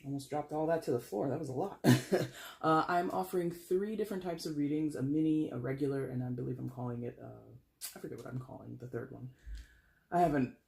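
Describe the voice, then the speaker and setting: A man's voice: a little high, fairly quick, vocal fry, darkish tone. Chatty man reading tarot cards. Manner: chatty and rambling, self-correcting; addresses viewers as guys. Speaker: tarot reader. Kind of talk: casual tarot reading vlog.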